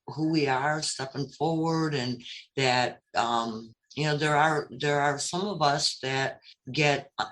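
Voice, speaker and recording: A man's voice: medium pitch, fairly bright tone. A man taking part in a casual online roundtable, speaking reflectively and hesitantly, often searching for his words. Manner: reflective, hesitant, many fillers and restarts. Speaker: roundtable guest. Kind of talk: casual online group chat.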